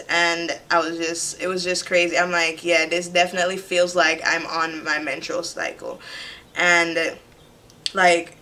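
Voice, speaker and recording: A young woman originally from Jamaica, casually telling a personal story to her camera in a chatty, animated way. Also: lowish voice. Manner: chatty, animated retelling with quoted voices. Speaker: vlogger. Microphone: camera mic.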